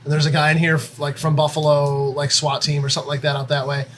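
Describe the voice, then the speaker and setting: A man's voice: on the high side, monotone, fast talker, fairly bright tone, a little hiss or hum. A man co-hosting a podcast from his shop, telling stories in casual, joking banter. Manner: laughing banter, storytelling. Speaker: gun shop host. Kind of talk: casual chat.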